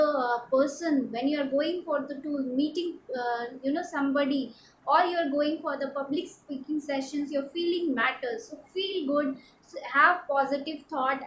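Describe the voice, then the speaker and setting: A woman from India, a personality development trainer, giving a halting instructional talk with many fillers and repeats. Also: sits high, roomy sound, a little hiss or hum, rough recording.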